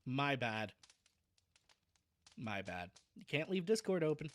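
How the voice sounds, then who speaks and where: A man's voice: mid-range voice, big pitch swings, slow, fairly bright tone. A man chatting casually on a livestream before reading a novel aloud. He is self-deprecating and restarts his sentences often.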